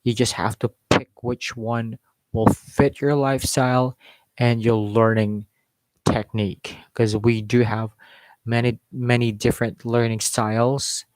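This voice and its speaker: Teaching off the cuff, this male English accent coach speaks at a measured, unhurried pace and returns to points repeatedly to stress them. His ordinary-pitched voice shows little pitch movement and comes across dry and close, with no room sound at all.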